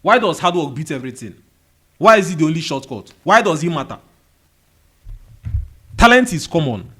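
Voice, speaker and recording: Here a Nigerian-accented motivational video host gives a monologue full of rhetorical questions and repeated key phrases. His voice is a little high and a bit bright, and a fan runs in the indoor room.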